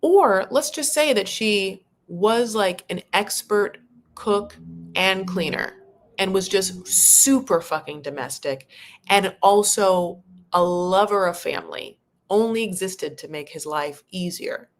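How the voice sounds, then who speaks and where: A woman's voice: medium pitch, slow pace. A woman giving casual, opinionated commentary on a reality show, talking loosely and swearing now and then.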